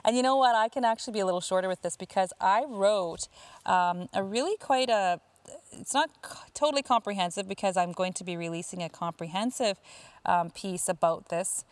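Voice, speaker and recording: A woman coaching parents in a casual talk, answering listener questions and often pausing with fillers and restarts. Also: mid-range voice, no echo. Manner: chatty, lots of fillers and restarts.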